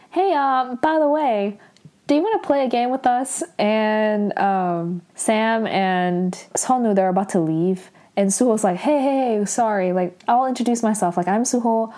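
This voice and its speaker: A young woman casually recapping a drama episode, saying "like" a lot and quoting the characters in quick little voices. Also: mid-range voice, dark tone. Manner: casual, many fillers like "like" and "um"; acts out the characters' lines in quick quoted voices.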